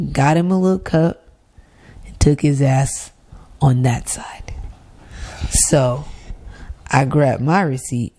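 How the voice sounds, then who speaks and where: A woman hosting her own show, telling a dating story in a candid, animated way and swearing freely. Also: deep voice, gravelly, a little hiss or hum. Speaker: podcast host. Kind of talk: casual storytelling. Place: Los Angeles.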